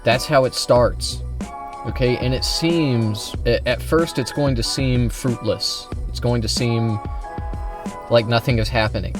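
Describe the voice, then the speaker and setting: A man's voice: mid-range voice, fairly even intonation, a little slow, music in the background. A man streaming live and ranting about politics, combative and heated, talking straight at his chat. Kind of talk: casual political livestream rant.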